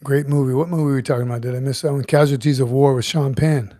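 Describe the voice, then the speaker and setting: A man's voice: medium pitch, fairly even intonation, fast, dark tone, no echo, clean studio sound. A middle-aged man hosting a casual livestream, chatting easily, chuckling and greeting viewers by name. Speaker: livestream host, retired Marine sergeant major. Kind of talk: casual livestream chat reading comments.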